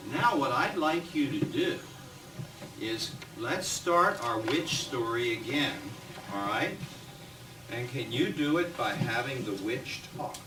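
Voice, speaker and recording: A male teacher leading a classroom demonstration lesson. He coaxes the students and repeats their sentences back to the class. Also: medium pitch. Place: classroom with grade-five students. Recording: roomy, distant, noisy classroom recording.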